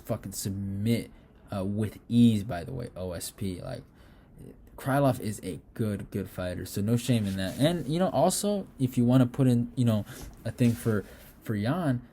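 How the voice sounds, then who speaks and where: Excitable man breaking down a fight. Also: lowish voice, a little hiss or hum. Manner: excitable, swears freely, animated asides. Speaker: fight analyst.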